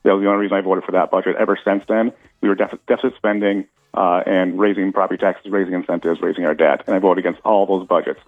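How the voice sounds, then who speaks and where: A man with a very deep voice talks quickly over a tinny phone line. He speaks in a halting way, restarting his sentences as he makes his case. The sound is dry and narrow. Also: fairly even intonation, no echo. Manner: halting, many restarts and fillers. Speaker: city commission candidate calling in. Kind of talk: casual phone interview. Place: in Hawaii on a phone.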